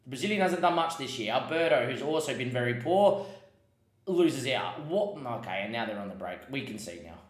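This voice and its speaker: A man's voice: mid-range voice, sing-song, a little fast, reverberant. A man giving casual commentary on his football management game, muttering asides and breaking into frustrated outbursts. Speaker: gaming podcast host.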